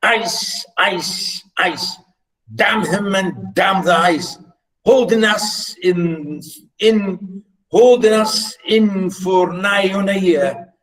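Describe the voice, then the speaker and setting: A man's voice: high voice, drawn-out words, fairly bright tone, heavily acted, rough recording. A man reading aloud the lines of an angry male ship's steward who is cursing the ice, with rising emphasis. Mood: exasperated.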